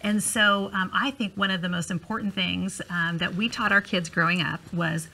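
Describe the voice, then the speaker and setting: Middle-aged woman, bright tone, affirming panelist on a Christian talk show. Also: on the low side, steady tone, moderate pace, vocal fry, poor audio. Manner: warm encouraging, many affirming murmurs. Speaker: discussion panelist.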